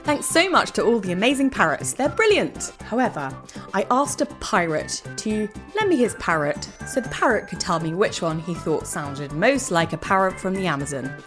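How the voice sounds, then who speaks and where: A woman hosting a children's podcast, reading a scripted narration in a bright, enthusiastic storytelling way. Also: mid-range voice, big pitch swings, normal speed, music in the background. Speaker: host.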